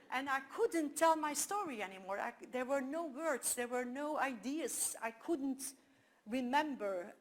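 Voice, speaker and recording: A woman with a Flemish accent speaks English as her second language, her first being Dutch. Her voice sits slightly high, and she gives a conference talk as a string of animated anecdotes. She restarts her sentences often as she goes. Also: a little slow. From Belgium. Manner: animated storytelling with frequent restarts.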